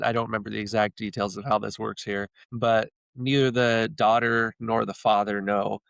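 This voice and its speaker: A man's voice: medium pitch, gravelly, a bit bright, clean tone, dry recording. A man, a podcast guest, retelling stories in a rambling, casual way with many restarts. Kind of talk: casual storytelling chat.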